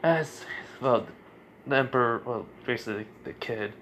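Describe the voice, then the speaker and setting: A man's voice: mid-range voice, moderate pace, fairly bright tone, a little hiss or hum. Guy rambling thru a fan story, lots of likes and so basically. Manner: rambling, with fillers and laughs. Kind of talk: improvised fan story narration.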